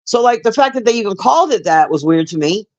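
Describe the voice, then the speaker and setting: A woman's voice: medium pitch, lively intonation, fast talker, muffled recording. Woman, livestream movie review, blunt, swears a lot, rambling, talks to chat. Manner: chats with live viewers.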